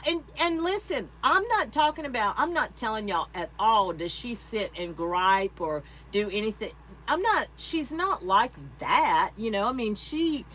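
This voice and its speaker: A woman's voice: a little high, a bit bright, husky, poor audio. A woman hosting a craft channel, chatting casually with her viewers while she works, laughing often. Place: home craft room.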